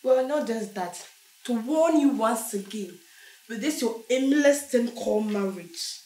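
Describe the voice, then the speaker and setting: An actress playing a jealous younger sister who taunts and insults. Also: female voice, fairly high pitch, animated, a little slow, darkish tone, echoey room, poor audio. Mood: taunting.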